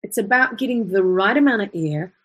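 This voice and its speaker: Husky-voiced Australian woman voice coach. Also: medium pitch, animated, fairly quick. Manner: chatty, explains with vocal demonstrations. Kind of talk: live online singing lesson.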